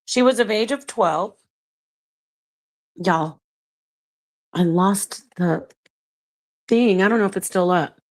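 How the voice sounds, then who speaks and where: Middle-aged woman host, blunt and sassy, reads chat with animated outbursts. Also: medium pitch, slow, pauses often. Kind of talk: livestream commentary reading chat.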